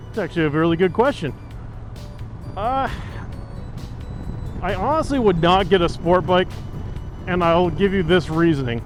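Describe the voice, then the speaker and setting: A man's voice: high-pitched, moderate pace, pauses often, faint music behind. A man chatting casually while riding a motorcycle outdoors, joking and rambling with lots of fillers, into a helmet mic. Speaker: motovlogger.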